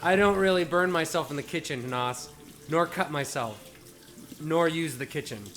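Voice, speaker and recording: A man's voice: a little high, moderate pace, fairly bright tone. A man hosting a casual livestream, explaining his homebrew setup with a playful, joking manner. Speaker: livestream brewing host. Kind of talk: casual chat. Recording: echoey room, faint music behind.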